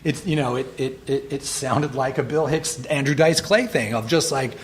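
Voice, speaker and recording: A man's voice: medium pitch, moderate pace, slight background noise. A man guesting on a podcast, telling stories in casual chat, acting out quotes and laughing as he talks. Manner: storytelling, laughing asides, acts out quotes.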